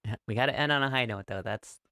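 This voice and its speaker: A man giving a relaxed, encouraging online go lesson, with a playful streak. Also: medium pitch, quick pace, dry recording, studio quality. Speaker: go teacher.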